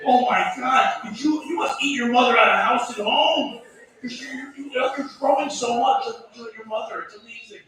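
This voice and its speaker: A man's voice: extremely high pitch, normal speed, a bit bright, recorded from a distance. A man mimicking a doting grandmother gushing over a grandchild, in an echoey room.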